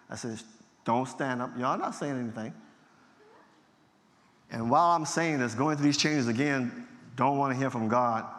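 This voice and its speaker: Middle-aged pastor, animated storyteller who plays all the voices, slightly high voice, big reverberant hall. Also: male voice. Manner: animated storyteller acting out dialogue, laughing at himself. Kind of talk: storytelling testimony talk. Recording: long hall reverb from a large venue.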